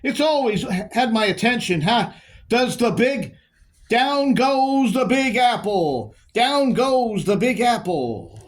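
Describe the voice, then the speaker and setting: A man's voice: very high voice, expressive, moderate pace. A man performing a poetry monologue as a confused, emotional divorced man who repeats his phrases and draws out his words.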